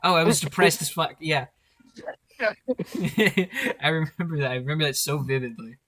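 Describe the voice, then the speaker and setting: A young man co-hosting a podcast, chatting casually in an animated way, swearing and laughing often. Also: a little high, normal speed. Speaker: podcast co-host. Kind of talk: casual chat.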